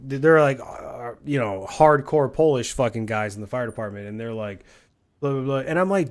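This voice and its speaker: A man's voice: mid-range voice, animated, normal speed. A married man streaming a game, ranting in a heated, argumentative and profane way. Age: adult, married with a son.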